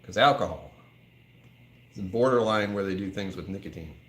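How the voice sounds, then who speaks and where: This American man speaks a little fast in a low-pitched but fairly bright tone, with a touch of hiss or hum on the recording. Hosting a whiskey livestream indoors at a whiskey bar, he chats casually, jokes, and reads comments from viewers.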